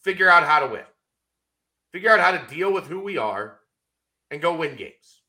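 Bright, lively male sports podcaster. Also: on the high side, moderate pace. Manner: blunt, direct, joking. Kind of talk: casual sports chat.

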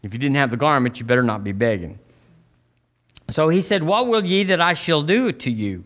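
A man preaching a sermon as pastor, telling folksy stories and acting out quotes in sudden high voices. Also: big pitch swings, moderate pace, a bit bright. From Southern US.

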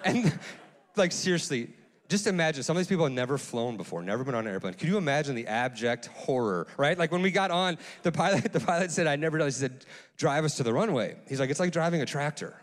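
A man preaching a sermon as pastor, telling a story in a casual, animated way, full of restarts and fillers. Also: fairly high pitch, fast. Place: church sanctuary. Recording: long church hall reverb.

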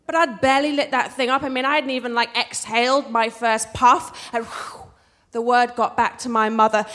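A woman's voice: a little high, fairly even intonation, normal speed, fairly bright tone, faint music behind. A woman from England with a working-class English accent, telling a wry, self-mocking story live on a theater stage, with hall reverb. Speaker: storyteller, actress.

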